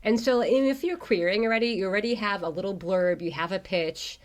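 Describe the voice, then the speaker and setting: A young adult woman co-hosting a podcast in casual chat, agreeable and quick to laugh, slightly wheezy from bronchitis. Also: medium pitch. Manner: agreeable, laughs easily, frequent backchannel. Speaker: podcast co-host.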